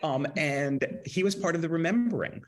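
A man in his sixties, an author interviewed as a guest, telling lively anecdotes and acting out quotes with laughs. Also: on the high side, normal speed. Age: 60s. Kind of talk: casual interview storytelling.

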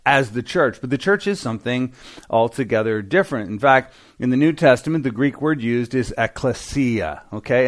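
A man preaching a sermon as pastor, conversational, with frequent fillers, asking the congregation to respond. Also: medium pitch.

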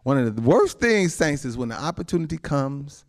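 In a sing-song voice at moderate pace, a male pastor delivers his sermon with many amens and chuckles. He moves from soft, low asides up to loud, high exclamations.

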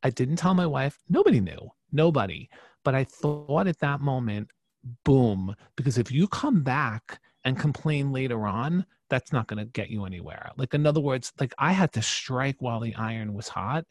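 A man in his forties, a podcast guest, telling a personal story with emphatic, animated delivery and frequent restarts. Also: mid-range voice, moderate pace, no room sound.

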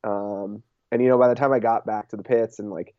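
A young man chats easily in an interview, his voice sitting a little low and sounding warm and dark. He leans on filler words and laughs often. The recording is dry and somewhat muffled. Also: fairly even intonation, a little fast, no room sound. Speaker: interviewed race champion. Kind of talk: casual interview chat.

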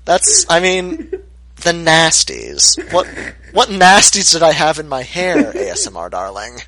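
A man's voice: sits high, wildly swooping pitch, moderate pace, a crowd in the background. A man co-hosting a podcast in casual chat, sarcastic and mock-indignant. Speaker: podcast co-host.

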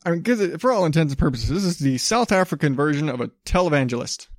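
A man's voice: fairly high pitch, animated, fast talker, no room sound, studio quality. A man hosting a podcast, ranting in a blunt, profane, casual way. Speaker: podcast host.

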